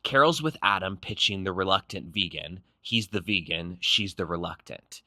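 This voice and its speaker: A man's voice: low voice, bright, forceful tone, dry recording. A man narrating a reality show recap in a snarky, punchy scripted style. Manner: snarky, punchy, quick quips.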